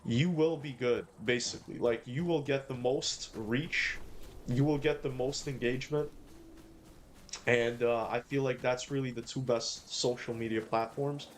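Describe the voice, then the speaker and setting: A man's voice: mid-range voice, steady tone, a little slow, slight background noise. A man live-streaming a game, ranting and swearing as he talks to his chat. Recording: game music behind.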